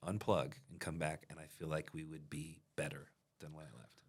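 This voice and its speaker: A man's voice: extremely low pitch, little pitch movement, brisk, husky. A man who owns a roofing business, talking casually and reflectively on a business podcast. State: has the hiccups. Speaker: business owner and podcast host.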